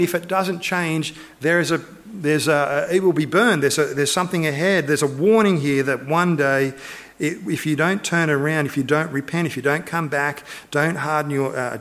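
A man preaching to his congregation, his voice pitched a little above the usual. He drives his points home with short, repeated urgings, sometimes soft and sometimes rising high. His delivery is earnest and emphatic throughout. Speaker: pastor. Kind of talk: sermon.

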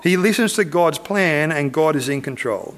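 A man preaching a sermon, retelling a story in a lively, animated way and acting out the characters' lines. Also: a little high, normal speed. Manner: animated, acts out characters' voices.

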